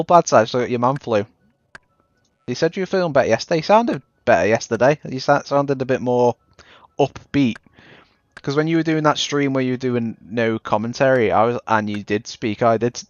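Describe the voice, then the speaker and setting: A man's voice: medium pitch, moderate pace, dry recording. A young man with a Scouse accent chatting casually while streaming a game, rambling and cutting himself off mid-sentence. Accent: Liverpool (Scouse). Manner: rambling, chatty, self-interrupting. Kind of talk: casual chat while gaming. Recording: dull dry stream audio.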